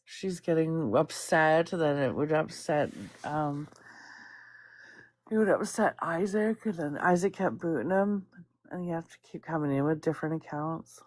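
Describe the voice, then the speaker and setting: A woman's voice: sits low, moderate pace, darkish tone, no room sound. A woman gossiping casually on a livestream, rambling, swearing freely and laughing often. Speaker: guest chatting on stream.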